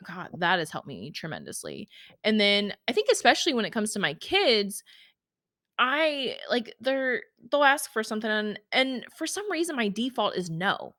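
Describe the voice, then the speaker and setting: Talking at a normal speed in a very animated, mid-range voice that is a bit bright, a woman hosts a podcast where she chats emotionally and casually about her life, leaning heavily on "like" and "y'all." The sound is dry and studio quality.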